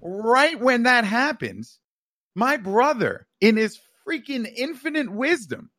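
A man from New York telling a childhood story on a podcast, animated and profane, tossing in "right?" as he goes. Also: very high voice, takes it slowly, no echo, clean studio sound. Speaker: podcast co-host. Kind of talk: casual storytelling chat.

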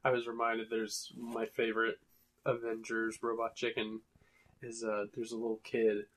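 A man in casual chat, retelling cartoon sketches in a lively way with voiced quotes. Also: medium pitch, moderate pace.

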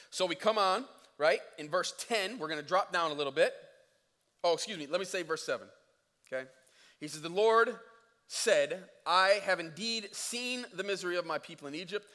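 A male pastor preaching a sermon in a conversational, energetic way, acting out scripture scenes. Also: on the high side. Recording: echoey church hall.

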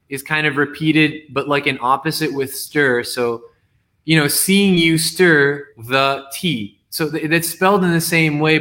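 A man's voice: a little high, sharp tone. A man on a video call reading his poem and explaining its wordplay, hesitant and often restarting or repeating words. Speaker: poet guest.

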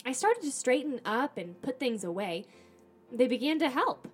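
A woman podcast host reading a children's storybook aloud in the first person, animated, with acted dialogue. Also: fairly high pitch, moderate pace, slightly rough, soft background music.

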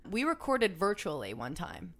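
Co-host: a bright-voiced woman with a slightly low pitch, lively and quick to laugh. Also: vocal fry. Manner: animated, laughs often. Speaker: podcast co-host. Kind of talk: casual chat.

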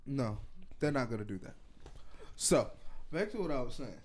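A man's voice: mid-range voice, expressive, normal speed, pauses often. A man co-hosting a podcast, lecturing in an emphatic, profane way during casual chat. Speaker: podcast co-host.

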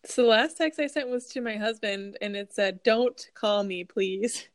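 A young woman co-hosts a laid-back podcast at a middling pitch. She asks questions, tells stories of her own and laughs easily. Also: moderate pace. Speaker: podcast co-host asking questions. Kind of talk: casual podcast chat.

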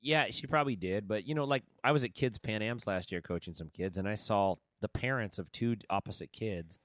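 A man co-hosting a podcast in casual chat, telling stories in an animated way and saying "man" and "dude" often. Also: fairly low pitch, brisk, dry recording, clean studio sound. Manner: animated storytelling, says "man" and "dude" a lot. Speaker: podcast co-host and kids' jiu-jitsu coach.

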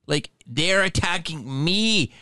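A man's voice: on the high side, animated, takes it slowly, sharp tone, no echo. A man who is a stand-up comedian, ranting to camera in a profane, heated and indignant way.

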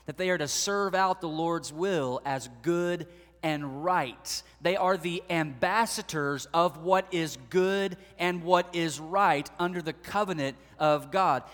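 A male pastor preaching a sermon in a lively storytelling way, acting out the voices of the people he quotes. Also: high-pitched, big-room sound.

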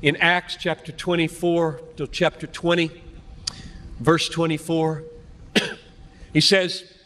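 An older man preaches with a high voice, slow and deliberate, stacking phrase on phrase with fervent conviction. His words ring out through a large hall with a long reverb trailing behind them. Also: flat delivery, sharp tone. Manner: earnest, building repetition, fervent. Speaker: pastor. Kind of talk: sermon.

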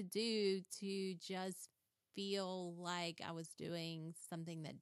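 A woman's voice: fairly low pitch, measured pace, few pauses, smooth, no room sound, studio quality. A woman hosting a podcast, chatting casually and animatedly, acting out little quoted scenes as she tells stories. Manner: chatty, animated storyteller who acts out quotes. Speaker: podcast host. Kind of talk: casual interview chat.

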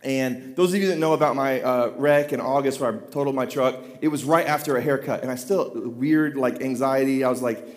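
A pastor in his thirties telling a self-deprecating, animated story from the pulpit. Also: medium pitch, brisk, few pauses. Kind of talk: storytelling sermon. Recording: long hall reverb.

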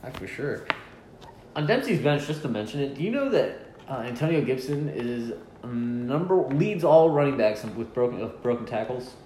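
A man's voice: mid-range voice, sing-song, normal speed, a little mellow. Jokey man in an echoey room. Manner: jokey, rattles off names and stats. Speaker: podcast host. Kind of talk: casual chat. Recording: echoey room, faint ambient noise.

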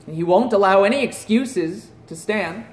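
High-voiced preacher in an echoey room. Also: male voice, normal speed. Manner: earnest preaching, dropping to a hush at solemn points. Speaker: pastor. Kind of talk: sermon.

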